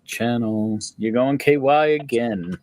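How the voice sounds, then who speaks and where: A man's voice: mid-range voice, slow pace, darkish tone. A man hosting a casual livestream chat in a playful, joking way, greeting viewers between questions. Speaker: host.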